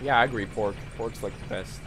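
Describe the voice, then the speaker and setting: A man's voice: lowish voice, brisk, noisy background. Joking young man streaming a game. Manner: loose and joking, swears, many fillers. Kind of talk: casual live-stream commentary.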